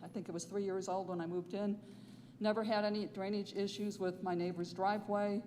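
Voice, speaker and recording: A woman's voice: mid-range voice, level tone, fairly quick, a little mellow. A woman earnestly explaining a neighborhood concern during public comment at a council meeting. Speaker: resident speaking at public comment. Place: council chamber. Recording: meeting hall mic with long reverb and faint noise.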